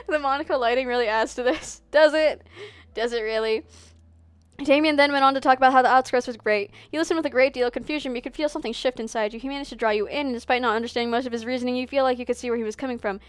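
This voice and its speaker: Fast, giggly woman streamer reading a game. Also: high-pitched, clear, resonant tone, no room sound. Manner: giggly, speed-reading, chatty asides. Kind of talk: reading a visual novel aloud on stream.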